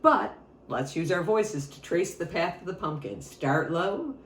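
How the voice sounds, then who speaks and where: A woman music teacher tells a story to children, playful and engaging. Her pitch rises and falls animatedly, and the room echoes around her voice. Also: a little slow. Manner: expressive and playful, addresses listeners.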